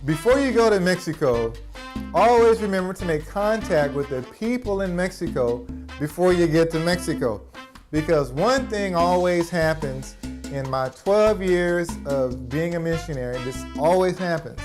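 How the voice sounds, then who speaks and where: A man's voice: fairly high pitch, moderate pace, over music. A man, a missionary hosting the show, telling stories casually and acting out conversations with laughter. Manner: animated, laughing, acts out dialogue. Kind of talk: casual storytelling and interviewing.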